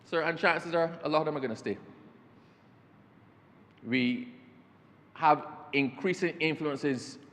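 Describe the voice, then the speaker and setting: A man's voice: fairly high pitch, slow, pauses often, fairly bright tone. A man, a government minister giving a formal parliamentary speech and often addressing the chair as sir. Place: parliament chamber. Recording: long reverb of a debating chamber.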